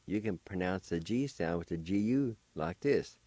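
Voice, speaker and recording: A man's voice: low voice, animated, normal speed, dark tone, dry recording. A man hosting a radio language lesson, patiently spelling and pronouncing words syllable by syllable. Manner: patient, encouraging teacher. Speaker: radio host teaching a language.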